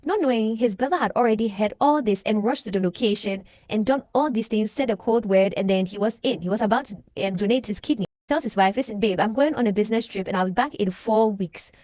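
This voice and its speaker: A woman's voice: mid-range voice, quick pace, hardly any pauses, darkish tone, dry recording, studio quality. A young woman, casually recapping a movie and acting out the characters' lines. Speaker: movie reaction vlogger.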